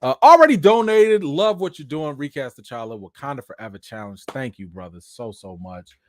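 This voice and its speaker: A man hosting a casual live-stream chat, thanking viewers and reacting to news, animated and excitable. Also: normal speed, dry recording, clean studio sound. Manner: animated, jumps high when excited, addresses chat directly.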